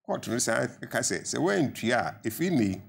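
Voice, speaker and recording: A man's voice: medium pitch, sing-song, moderate pace, gravelly, slightly rough. An older man with a Ghanaian accent, a pensioner guest in a studio panel debate, arguing earnestly and rising to emphatic appeals.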